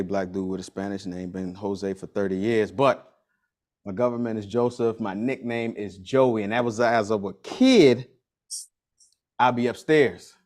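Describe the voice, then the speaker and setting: Slangy, repetitive male workshop coach. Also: on the low side. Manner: casual and slangy, repeats key lines for emphasis. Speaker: business coach leading a workshop. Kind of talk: motivational workshop talk.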